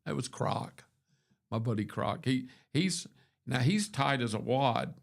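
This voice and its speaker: An older man with a gravelly voice chats on a morning show. He wanders through his stories, restarting sentences and tossing in asides as he goes. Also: medium pitch, expressive, measured pace. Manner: rambling storyteller with many restarts and asides. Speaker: radio show host. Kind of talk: casual morning show chat.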